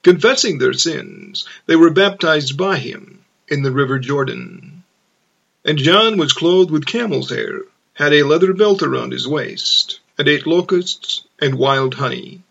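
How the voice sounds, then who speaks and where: A man narrates scripture in a slow, measured reading. His voice is a little high and has a gravelly texture. It is heard on a dull, lo-fi recording. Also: expressive, a bit bright. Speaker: scripture reader.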